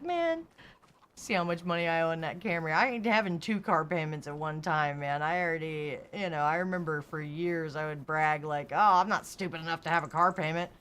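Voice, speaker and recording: A woman's voice: deep voice, fairly bright tone, slight background noise. A woman streamer chatting casually, telling car stories and laughing often. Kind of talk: casual chat.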